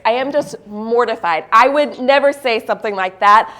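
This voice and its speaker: Animated, higher-pitched woman keynote speaker. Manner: animated, self-deprecating, laughs often; slows and drops into a low, earnest voice for the lesson. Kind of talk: motivational keynote storytelling. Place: live event at a university.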